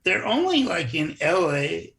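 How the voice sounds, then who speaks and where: Slow, gravelly older man. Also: a little high, very animated, fairly bright tone. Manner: rambling, restarts, chuckles. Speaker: interview guest, former wrestler. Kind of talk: casual storytelling interview.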